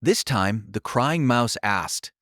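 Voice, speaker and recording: A man narrating a light novel audiobook in an expressive storytelling manner. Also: medium pitch, slow, no room sound, clean studio sound.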